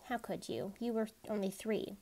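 A woman voicing a reserved adult female housemaid who speaks quietly and carefully. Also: medium pitch, fairly even intonation, moderate pace, vocal fry. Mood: quiet, earnest.

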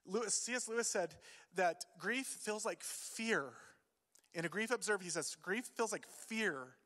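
A man giving an emotional sermon as a youth pastor, moving between quiet grief and loud urging. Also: high-pitched, a little slow. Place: church hall. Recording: long hall reverb.

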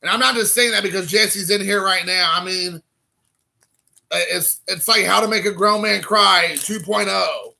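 A man in his thirties hosting a casual stream while opening trading card packs, excitable and rambling, calling people dude. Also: sits high, normal speed, vocal fry, rough recording. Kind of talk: casual live-stream chat.

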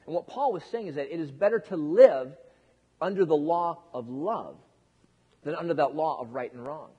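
Husky-voiced pastor in a reverberant hall. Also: male voice, fairly high pitch, lively intonation, moderate pace, mellow, muffled recording. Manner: joking, conversational, with repeated restarts. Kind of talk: casual sermon.

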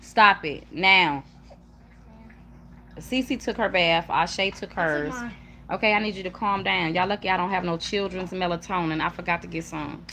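With her children nearby in a room at home, a young woman hosts a casual live chat, hushing the kids every so often. She's chatty, warm toward viewers, emphatic and repetitive. Her lowish voice is creaky at a moderate pace, with slight background noise.

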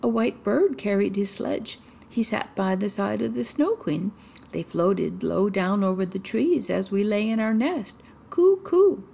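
A woman's voice: medium pitch, expressive, measured pace, gravelly, mellow, slightly rough, full character voice. A woman reading a storybook voices a wood pigeon with a sing-song cooing delivery.

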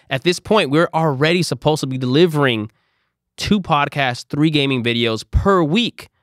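A man's voice: fairly high pitch, fairly bright tone, no room sound, studio quality. A young man telling a frustrated personal story to camera, quoting back the exchanges he had. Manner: frustrated, emphatic retelling with quoted exchanges. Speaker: content creator. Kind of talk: storytime vlog.

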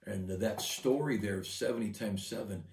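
A man's voice: on the low side, moderate pace, a little mellow, recorded from a distance. Man, pastor, earnest devotional sermon, repeats words, echoey room. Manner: earnest, repeats words while building a point.

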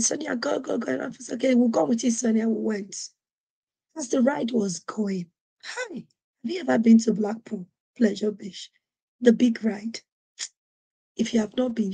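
A woman from Nigeria hosting a podcast, telling a personal story in an animated way and acting out what other people said. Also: fairly high pitch, husky. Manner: animated, acts out quoted voices. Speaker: podcast host. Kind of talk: storytelling monologue.

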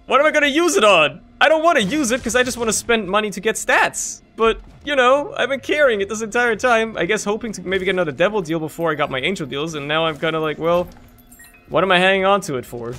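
A man with a fairly high, very bright voice talks through a game run in loose, rambling commentary. He swears casually and fills gaps with "like" and "man", while faint game music plays underneath. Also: gravelly. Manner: rambling, candid, swears freely, many fillers. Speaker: gaming video creator.

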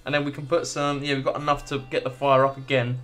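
A man's voice: mid-range voice, little pitch movement, quick pace, fairly bright tone, soft background music. A man doing casual gameplay commentary, swearing freely and reading the game's text aloud. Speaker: gaming video creator.

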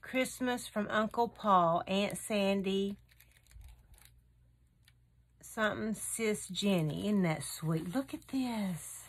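A woman's voice: mid-range voice, takes it slowly, pauses often. A middle-aged woman hosting a craft channel, unboxing a gift swap and gushing over each item she finds.

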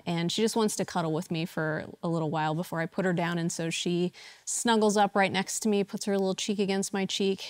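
A woman's voice: fairly low pitch, dry recording, clean studio sound. A woman in her thirties giving a church message, opening with a personal story and laughing at herself as she tells it. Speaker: church speaker.

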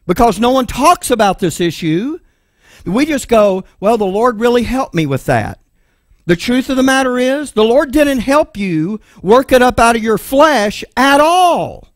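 A man's voice: high-pitched, dry recording, studio quality. A man with a Texan accent preaching a sermon, emphatic and full of rhetorical questions. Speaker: pastor.

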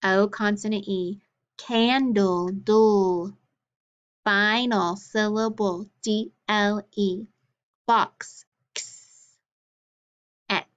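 Woman teacher, phonics drill, very slow and careful, clear sounds, muffled lo-fi sound. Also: mid-range voice, fairly even intonation, fairly bright tone. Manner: clear, deliberate, with short praise.

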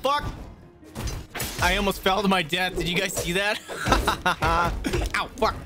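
A game streamer giving excited live commentary while playing, swearing often and squealing and yelping at the action. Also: mid-range voice, slow pace. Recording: loud game music behind the voice.

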